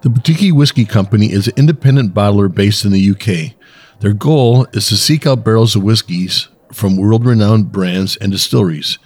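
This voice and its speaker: A man's voice: lowish voice, normal speed, a little mellow, breathy edge. A man co-hosting a podcast, reading a promotional blurb steadily from a script.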